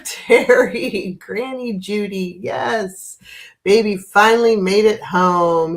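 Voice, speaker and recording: Slow-talking congested woman in her fifties. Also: mid-range voice. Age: 50s. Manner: chatty, laughs often, greets viewers by name. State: stuffy, congested nose. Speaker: livestream host. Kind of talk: casual live-stream chat.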